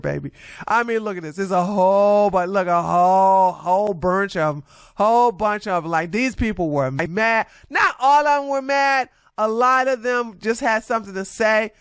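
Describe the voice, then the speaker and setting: A woman vlogger reacting to social media replies in a brash, sassy, confrontational way, with loud laughs. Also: a little high, no echo, studio quality. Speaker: commentary vlogger.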